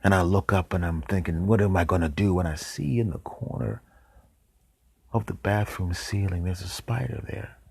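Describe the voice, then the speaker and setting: A man hosting a show, telling a comic story in an animated way with whispered deadpan asides. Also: sits low, moderate pace, gravelly, slightly rough, no echo. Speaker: show host.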